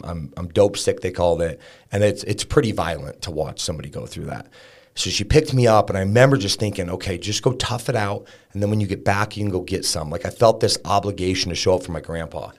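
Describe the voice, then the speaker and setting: A man telling a raw personal story as a podcast guest, frank and casual, swearing and peppering his talk with fillers. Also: deep voice. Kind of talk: candid personal storytelling in an interview.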